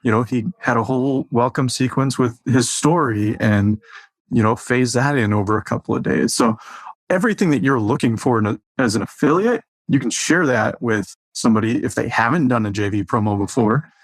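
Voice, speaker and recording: Steady man explaining, mid-pitched voice. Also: fairly quick, no echo. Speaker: co-host, marketing team member. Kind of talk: casual business chat.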